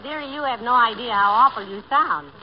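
An actress playing a patient, dry-witted middle-aged wife who teases calmly and motherly, in 1940s radio comedy acting. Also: a little high, brisk, dull audio, natural voice. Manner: calm, dry, motherly teasing. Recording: hissy old radio broadcast recording.

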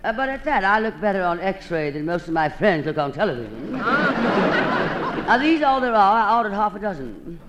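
A woman's voice: medium pitch, sing-song, moderate pace, a crowd in the background, background noise. A woman hosting an old-time radio comedy monologue, delivering it in a theatrical drawl and calling everyone darling.

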